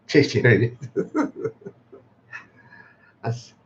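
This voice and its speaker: A twenty-something Englishman speaks extremely slowly, his medium-pitched voice swinging hugely in pitch. He's hosting a birthday livestream, chatting casually, reading out viewer comments, laughing often and swearing freely. The audio is slightly dull, lo-fi stream sound.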